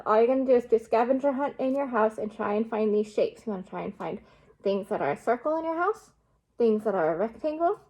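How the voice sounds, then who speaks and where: A young adult woman teaching a remote lesson, slowly and patiently sounding out words for children. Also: fairly high pitch, darkish tone.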